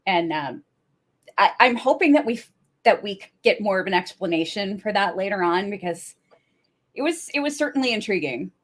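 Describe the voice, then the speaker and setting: A woman's voice: medium pitch, animated, normal speed. A woman co-hosting a podcast, retelling TV scenes in detail with frequent laughs and a few stumbles. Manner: narrates plot in detail, laughs often, hesitant restarts. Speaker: podcast co-host. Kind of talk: casual TV recap chat.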